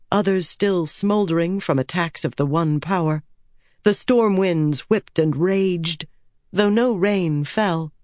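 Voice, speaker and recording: A woman reads a fantasy audiobook in a measured, steady voice that sits a little low. The recording is close and dry, with no room sound. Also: no echo. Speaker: audiobook narrator. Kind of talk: scripted narration.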